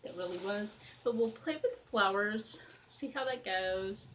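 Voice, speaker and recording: A woman's voice: medium pitch, unhurried, a bit bright, slight background noise, rough recording. A young woman chatting casually as she works on a craft project, rambling and talking to her viewers and to a doll. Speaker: craft vlogger.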